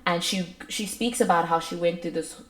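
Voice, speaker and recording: A woman's voice: lowish voice, normal speed. Chatty South African woman, echoey room. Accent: South African English. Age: 20s. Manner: rambling, full of "like" fillers, swings from lively to soft. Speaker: podcast co-host. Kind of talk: casual chat.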